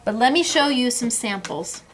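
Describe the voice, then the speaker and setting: A middle-aged woman hosting a craft class, chatting warmly and gushing over samples, laughing often. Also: fairly high pitch, lively intonation, moderate pace, a little hiss or hum. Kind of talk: casual product demo.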